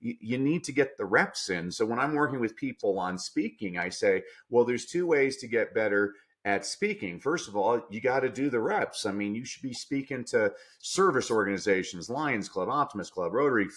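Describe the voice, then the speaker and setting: An animated man in a podcast interview, telling stories with big swings between quiet asides and loud punchlines. His pitch sits in the middle range, but his delivery is lively and full of emphasis. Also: normal speed, few pauses. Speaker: guest, speaking coach.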